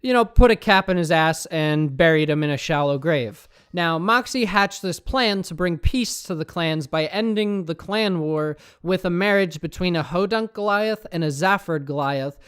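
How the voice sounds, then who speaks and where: A man's voice: sits high, moderate pace, few pauses, a bit bright, clear, resonant tone. A man narrating video game lore in a casual tone, dropping wry asides.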